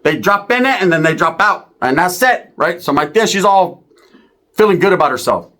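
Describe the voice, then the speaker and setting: Rambling, profane storyteller. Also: male voice, sits high, animated, moderate pace, fairly bright tone. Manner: profane, rambling, punchlines with tag questions. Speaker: comedian. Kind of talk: comedic storytelling.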